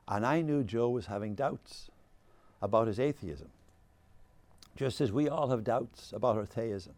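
Animated older man lecturing on faith. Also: medium pitch, measured pace, long pauses, no room sound. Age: 60s. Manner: animated, discursive, fond of asides. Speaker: speaker on faith. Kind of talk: lecture with anecdotes.

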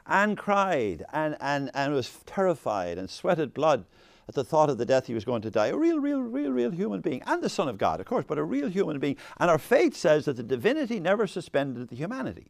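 A man leading a faith discussion with an audience, rambling and animated, laughing often and restarting his sentences. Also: a little high, a little fast, no echo, studio quality. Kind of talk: informal talk with audience questions.

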